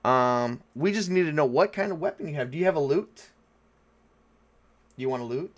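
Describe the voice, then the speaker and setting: Rambling game master man, slightly high voice. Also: animated, moderate pace. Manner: rambling, many fillers and restarts. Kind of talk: running a tabletop game.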